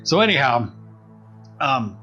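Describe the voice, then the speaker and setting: A man co-hosting a podcast casually tells a story, acting out the voices of the people in it with animated energy. His voice is medium-pitched, slow and a bit breathy, captured in lo-fi sound with faint music behind.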